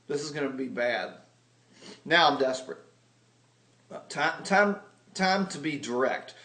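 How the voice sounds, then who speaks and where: A man's voice: mid-range voice, a bit bright, roomy sound. A man giving a humorous, self-deprecating sales lesson, telling stories with comic exaggeration. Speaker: video blogger teaching sales.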